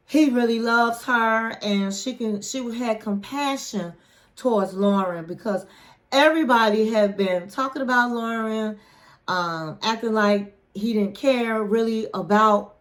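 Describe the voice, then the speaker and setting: Animated high-voiced woman hosting a recap. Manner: animated, playful, drawn-out flourishes. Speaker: YouTube host reviewing a reality show. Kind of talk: casual chatty recap.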